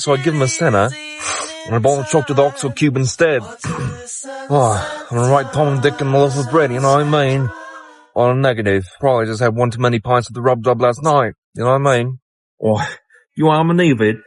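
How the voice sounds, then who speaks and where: A man's voice: mid-range voice, lightly acted. A man putting on a brash Cockney crook. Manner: brash, rambling, crude. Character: swaggering Cockney petty crook Alfred, adult man. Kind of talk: comedic character monologue in rhyming slang.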